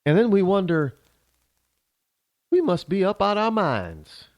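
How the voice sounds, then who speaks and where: A man's voice: high-pitched, wildly swooping pitch, unhurried, dry recording. A man from the United States hosting a talk show, ranting sarcastically in an opinionated monologue.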